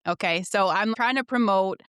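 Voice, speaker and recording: A woman guest on a podcast, talking candidly and swearing freely as she tells animated stories. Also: medium pitch, normal speed, clear, resonant tone, dry recording, studio quality. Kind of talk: candid conversational interview.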